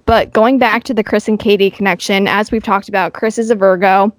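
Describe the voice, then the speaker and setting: A woman's voice: mid-range voice, steady tone, fairly quick, dry recording. Woman explaining on a dry close mic. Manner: explanatory, reads from an astrology book. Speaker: podcast co-host. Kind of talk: casual chat, recapping a dating show.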